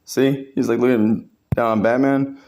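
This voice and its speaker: A man's voice: mid-range voice, fairly even intonation, unhurried, darkish tone. A man doing a casual comedic voiceover, laughing often and full of slang and swearing. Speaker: comedic narrator.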